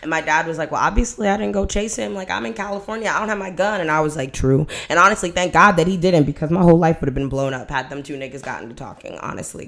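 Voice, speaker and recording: A woman in her twenties talks straight to her listeners as a podcast host, her voice sitting a little low. She tells stories casually and profanely, getting loud and animated, then dropping to a quieter tone. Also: fast talker, gravelly, hardly any pauses, roomy sound. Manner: profane, animated storytelling with dramatic swings in volume. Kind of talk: casual storytelling monologue.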